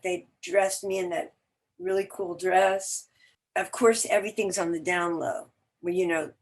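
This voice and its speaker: Chatty woman telling stories. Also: on the low side. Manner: chatty, animated storyteller. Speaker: guest actor. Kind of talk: casual interview chat.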